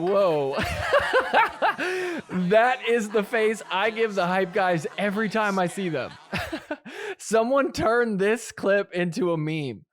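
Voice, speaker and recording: A man hosting a podcast, giving casual, teasing commentary over sports clips and laughing often. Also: a little high. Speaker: podcast host.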